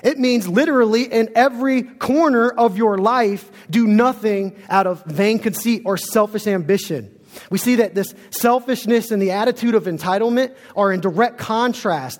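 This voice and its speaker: A man's voice: high voice, long reverb tail. A man preaching a sermon as pastor in a church, earnest and storytelling.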